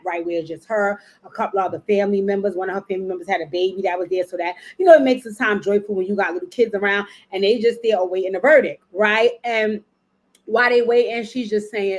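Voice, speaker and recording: Woman, casual review commentary, emotional, emphatic repeats, loose slangy talk, middle pitch. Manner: chatty, emotional, repeats words for emphasis, curses freely. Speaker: vlogger reviewing a documentary.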